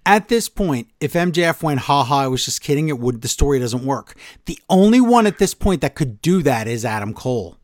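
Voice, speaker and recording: Wrestling podcast cohost, blunt teasing guy, kinda high voice, dry close sound. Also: big pitch swings, normal speed, few pauses, no room sound. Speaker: podcast co-host. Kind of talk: casual wrestling podcast chat.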